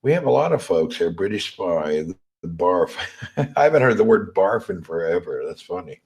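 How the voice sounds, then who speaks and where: A man from Tennessee with a Southern accent and a slightly hoarse, crackly voice, chatting casually on a livestream and reading viewer comments. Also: low-pitched, very animated, moderate pace, a little mellow. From Tennessee, USA. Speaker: livestream host.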